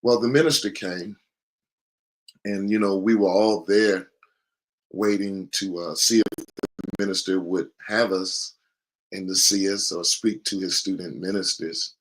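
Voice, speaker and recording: A man's voice: deep voice, fairly even intonation, a little slow, long pauses. A man being interviewed as a student minister, telling his testimony in an earnest, folksy way full of fillers.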